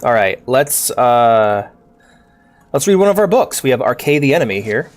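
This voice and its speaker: A man's voice: mid-range voice, sing-song, moderate pace. A man casually commenting while streaming a game, upbeat and chatty, laughing and swearing easily.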